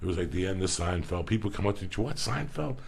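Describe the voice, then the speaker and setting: A man telling stories as a comedian guest in a casual podcast, profane and animated. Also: sits low, slight background noise. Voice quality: gravelly. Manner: profane, animated, rapid-fire.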